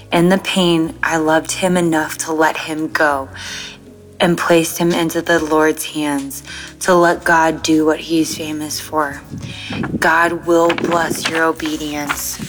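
A woman from California leaves a gentle, measured message of encouragement on a prayer line. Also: deep voice. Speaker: caller.

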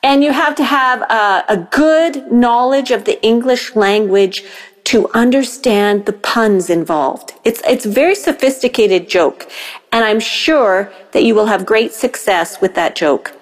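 A woman leaves a slow, playful voicemail, telling a pun joke and poking fun at it. Her voice sits a little high. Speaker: caller.

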